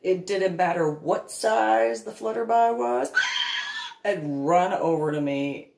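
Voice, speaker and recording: A woman with a low, unhurried voice tells stories about her family in a loose, meandering way, with frequent laughter. The sound is roomy, with a clear echo around her words. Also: mellow. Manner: meandering, laughs often, baby-talk when quoting herself to her dog. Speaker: reverend and author telling family stories. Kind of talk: casual personal storytelling. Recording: echoey room.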